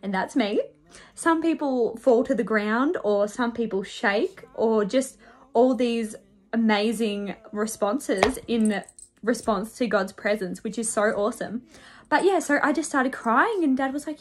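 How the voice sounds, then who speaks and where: Bubbly young woman presenter, bright high voice. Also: measured pace. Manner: bubbly, sing-song, acts out voices in stories. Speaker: children's ministry presenter. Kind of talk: storytelling to children.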